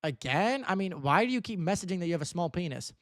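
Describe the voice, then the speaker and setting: A man's voice: high-pitched, expressive, fast talker, no echo, studio quality. A young man streaming live, reading out viewer messages and answering them with teasing, mock-earnest banter, tossing "bro" onto the end of his lines. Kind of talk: casual livestream chat reading viewer messages.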